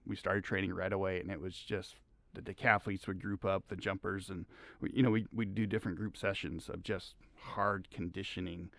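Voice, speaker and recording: A middle-aged man, a high school track coach, telling rambling stories as a podcast guest, laughing often. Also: level tone, a little fast, gravelly, a bit bright, no room sound. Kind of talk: casual podcast conversation.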